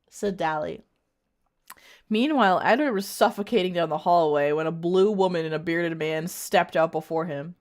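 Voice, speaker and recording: A woman's voice: lowish voice, moderate pace. A woman streamer reading bad fanfiction aloud, breaking off for mocking, profane asides.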